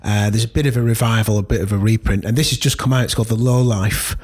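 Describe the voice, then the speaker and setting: A man's voice: lowish voice, steady tone, quick pace, darkish tone, slightly rough. A man chatting casually, enthusiastic and rambling with many fillers. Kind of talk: casual chat.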